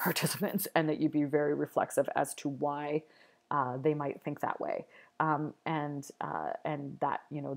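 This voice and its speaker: A woman's voice: low voice, creaky, darkish tone. A woman giving a recorded university video lecture, thoughtful and explanatory, with frequent ums and restarts.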